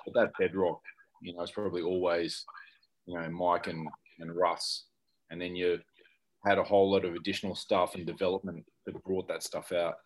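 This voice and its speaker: A man interviewing guests in a casual chat, following up with probing questions. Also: low-pitched.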